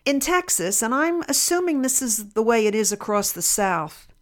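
Woman podcast host with a fairly high voice, solo opinion monologue, measured and pointed. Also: big pitch swings.

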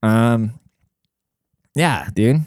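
A man hosting a solo podcast in a brash, rambling, profane way, full of fillers, jumping up in pitch when he quotes people. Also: animated, extremely slow, darkish tone, no room sound, studio quality. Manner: jumps high in pitch when acting out quotes. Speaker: podcast host. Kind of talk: casual solo podcast monologue.

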